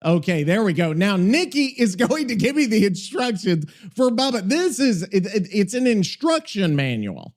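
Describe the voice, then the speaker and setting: A man's voice: high voice, very animated, moderate pace, few pauses. A man hosting a podcast in loose, profane, rambling chat, often exasperated and yelping. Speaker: podcast host. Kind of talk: casual chat.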